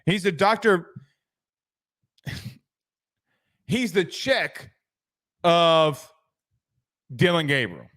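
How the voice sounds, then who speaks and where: Rambling high-voiced sports talk man. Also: very animated, very slow, pauses often, a bit bright. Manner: rambling, joking, trails off into asides. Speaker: sports show host. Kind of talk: casual sports commentary.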